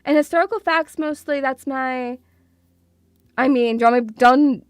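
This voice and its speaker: High-voiced, foul-mouthed woman streamer. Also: normal speed, clean tone, no room sound, studio quality. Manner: chatty, swears freely, calls viewers sweeties; self-mocking, laughs often. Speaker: VTuber streamer. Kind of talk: casual live-stream chat.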